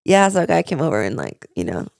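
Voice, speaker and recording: A young woman co-hosting a podcast, telling stories in an animated, chatty way. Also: low-pitched, fast, gravelly, dry recording, clean studio sound. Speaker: podcast co-host. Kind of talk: casual chat.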